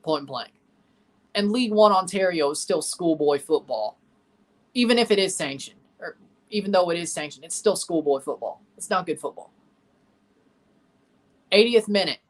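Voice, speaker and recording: A man's voice: sits high, lively intonation, normal speed, pauses often. Blunt, opinionated man reacting to a match. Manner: opinionated, blunt, repeats himself. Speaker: livestream watchalong host. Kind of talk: casual live match reaction and chat replies.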